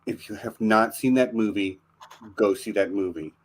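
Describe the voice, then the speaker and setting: A man's voice: on the low side, normal speed. An American man hosting a casual podcast chat, joking and enthusiastic. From United States. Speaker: podcast host.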